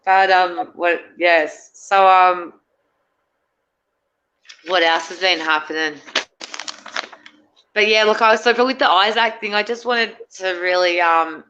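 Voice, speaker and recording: A woman's voice: lowish voice, fairly even intonation, a little slow, pauses often, bright, forceful tone, clean tone, lo-fi sound. A middle-aged woman, a guest in a casual chat, rambling and hesitant with many fillers and restarts.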